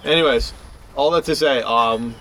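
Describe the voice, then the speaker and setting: A man's voice: medium pitch, normal speed, a bit bright, poor audio. A man co-hosting a casual podcast outdoors on a golf course, talkative and joking. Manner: talkative, jokey, interrupts himself. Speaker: podcast co-host. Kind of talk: casual chat. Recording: faint outdoor noise.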